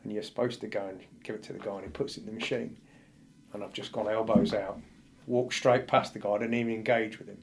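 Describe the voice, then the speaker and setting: This fast-talking firefighter has a lowish voice with vocal fry and fairly even intonation. As a podcast guest, he relates a painful personal story bluntly and vividly, acting out others' words, with slight background noise present.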